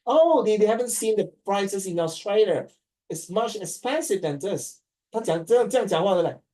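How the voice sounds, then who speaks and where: A Singaporean man leads a classroom lesson in an animated, storytelling way, mixing languages freely. His voice sits a little high with a warm, mellow tone. He sounds distant, picked up by a mic well away from him. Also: normal speed. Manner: animated, code-switching, acting out quoted dialogue. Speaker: teacher. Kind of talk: classroom talk to students.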